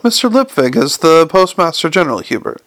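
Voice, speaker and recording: A man voicing a dry, weary male clerk who speaks low and flat, in an audiobook reading. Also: a little fast, no echo.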